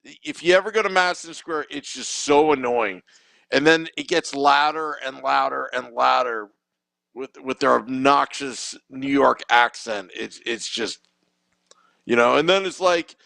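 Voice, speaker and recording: A man's voice: mid-range voice, a little slow, gravelly, sharp tone, no room sound, rough recording. A man co-hosting a podcast, talking in a rambling, opinionated way with many restarts. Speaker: podcast co-host. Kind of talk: casual sports chat.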